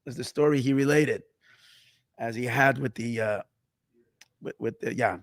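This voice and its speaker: A man, a rabbi, telling a story in a sermon, animated and repetitive, dropping in Yiddish words. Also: mid-range voice, moderate pace.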